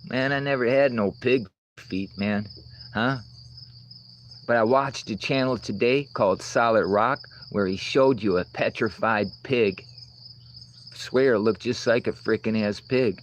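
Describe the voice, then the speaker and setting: The outdoor livestream continues, with insects around him as the host rambles, swears, and responds to chat messages. He speaks at medium pitch and a measured pace, and the rough recording has some faint background noise.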